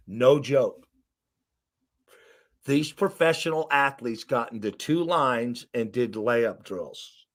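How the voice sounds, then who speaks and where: Animated middle-aged coach telling stories. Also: male voice, medium pitch, slow pace. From Arkansas, USA. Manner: emphatic, animated storyteller who acts out quotes. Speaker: basketball coach, guest. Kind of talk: storytelling in an interview.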